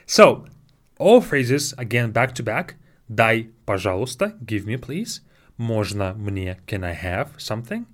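Man, language teacher, animated up-and-down voice, patient, repeats phrases slowly, talks into his own mic. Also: lowish voice. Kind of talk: spoken language lesson. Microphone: own microphone.

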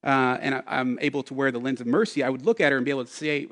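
A man's voice: mid-range voice, steady tone, very fast, few pauses, a bit bright, big-room sound. A man in his thirties preaching a sermon, telling a personal story with self-deprecating humor. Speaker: pastor.

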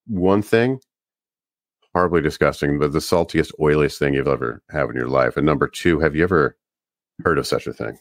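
A man from the Northeastern US co-hosting a podcast in casual chat, telling rambling, animated stories. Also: a bass voice, a little fast, no echo, studio quality. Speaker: podcast co-host.

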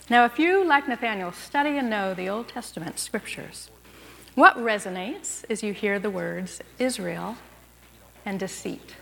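A woman preaching a sermon in a plain, chatty teaching manner, often turning to ask the congregation questions. Her voice sits at an ordinary middle pitch for a woman. It rings out with a long reverb in a church sanctuary. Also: animated, measured pace, vocal fry, fairly bright tone. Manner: conversational, asks the listeners questions. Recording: long reverb of a large room.

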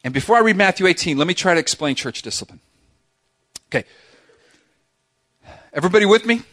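A man preaching a sermon as pastor in a church, talking in an animated, emphatic way with lots of repetition, sometimes acting out voices. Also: high-pitched, a little fast, no room sound. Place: church sanctuary.

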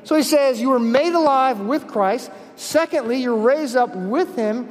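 A man's voice: extremely high pitch, measured pace, darkish tone. A man preaching a sermon at a conference, emphatic, repeating key phrases and telling stories. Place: large conference hall. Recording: long hall reverb.

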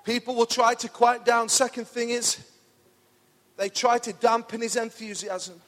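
A middle-aged pastor preaching an enthusiastic, pumped-up sermon in a church hall. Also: male voice, very high voice, fairly even intonation, measured pace, a bit bright.

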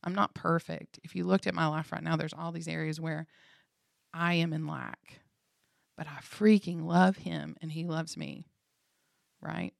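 A woman co-hosting a faith podcast, telling a personal story with lively acted-out dialogue and frequent laughter. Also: deep voice, unhurried, creaky, no echo, studio quality. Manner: animated storyteller, acts out dialogue, laughs often. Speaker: podcast co-host.

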